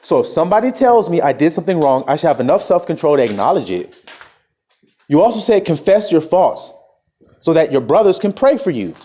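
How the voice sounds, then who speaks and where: A man's voice: on the high side, big pitch swings, fairly quick, warm tone. A man preaching a profane, confrontational street sermon, scolding his listeners.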